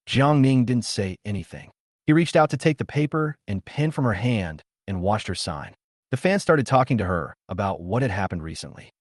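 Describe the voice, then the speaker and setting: A man narrates a scripted drama story in a steady storytelling manner. His voice sits low and swings widely in pitch. The recording is close and dry, with no room sound. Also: moderate pace, no room sound.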